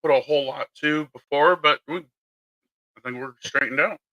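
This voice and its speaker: Laid-back man co-hosting, bright and dry. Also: a little high, normal speed, no echo, low-quality recording. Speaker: podcast co-host. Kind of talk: casual live podcast chat.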